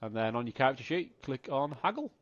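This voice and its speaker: Halting man running a tabletop game. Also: medium pitch, very animated, no room sound. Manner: halting, many fillers and restarts. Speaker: game master. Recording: dry, slightly dull online call audio.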